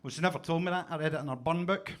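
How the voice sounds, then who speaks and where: A man's voice: fairly high pitch, racing. A Scottish man in his forties doing a stand-up set in a basement comedy club, with punchy, self-mocking storytelling. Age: 40s.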